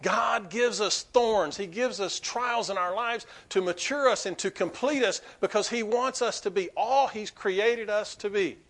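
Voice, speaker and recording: A man preaching a sermon to his congregation, swinging between quiet asides and loud, emphatic peaks. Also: high voice, unhurried, few pauses. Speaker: pastor.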